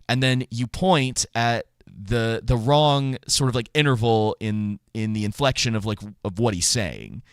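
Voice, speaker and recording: Guy cohosting a movie podcast, smooth voice, dry close sound, rambles and laughs a lot. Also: medium pitch, measured pace, few pauses, no echo. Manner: rambling, laughs often, restarts. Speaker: podcast co-host. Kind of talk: casual movie chat.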